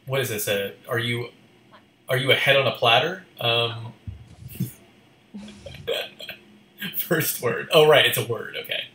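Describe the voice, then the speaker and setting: A man's voice: medium pitch, slow, pauses often, bright, forceful tone, roomy sound, a little hiss or hum. A man co-hosting a live stream, chatting casually and playfully guessing. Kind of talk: casual chat.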